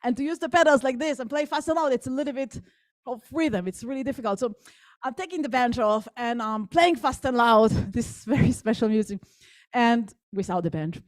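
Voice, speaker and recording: Higher-voiced woman telling a story. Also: normal speed, no echo. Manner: engaged, asks the audience questions. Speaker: guest speaker. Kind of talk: storytelling talk to an audience.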